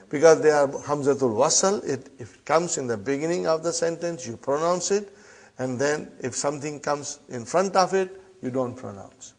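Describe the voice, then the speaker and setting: A man teaching an online Arabic class. He reads each Arabic phrase slowly, explains it quickly in English, keeps saying "huh?" and calls his students brothers and sisters. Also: on the high side, a little mellow.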